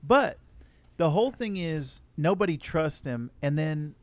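A man co-hosting a casual podcast, talking through a movie and acting out characters' lines in quick asides. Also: a little high, animated, a little mellow, no room sound. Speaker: podcast co-host. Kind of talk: casual movie review chat.

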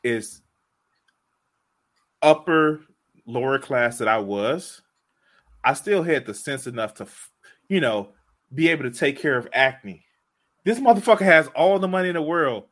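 A man's voice: mid-range voice, animated, unhurried, pauses often, a bit bright. A young man hosting a casual podcast chat who talks with laughter and disbelief. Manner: laughing, incredulous.

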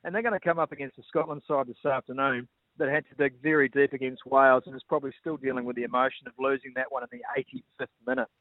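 A man's voice: mid-range voice, fairly even intonation, fast talker, few pauses, dry recording. A man from New Zealand, a sports presenter, giving fluent rugby analysis as a guest on a radio show. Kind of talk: sports radio interview on phone line. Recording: tinny phone line.

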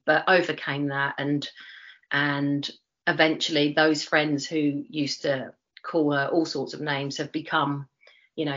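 A woman from East London in her forties speaks with a broad Cockney accent and a low voice. She talks in a chatty, storytelling way, full of ums and restarts. The recording is somewhat dull and lo-fi. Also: fairly bright tone. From East London, England. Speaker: interview guest, retired Olympic runner. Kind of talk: casual chat. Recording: dull lo-fi sound.

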